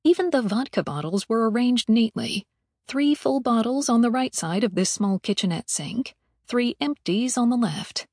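A woman narrating a story in a steady, measured read. Her voice sits fairly high for a woman, and the recording is dry and close, with no room sound. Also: no room sound. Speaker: audiobook narrator. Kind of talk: scripted audiobook narration.

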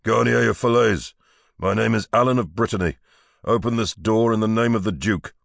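A man voicing a stern, commanding nobleman who shouts his demands in a raised voice. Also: fairly low pitch, normal speed, vocal fry, no echo, studio quality, pitched above the performer's own voice.

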